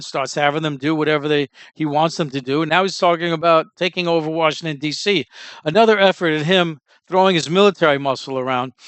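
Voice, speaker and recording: Man, political commentary host, indignant, rambling, slightly high pitch, dry recording. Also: fairly bright tone, clean tone, dry recording. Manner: rambling, indignant, many restarts and fillers.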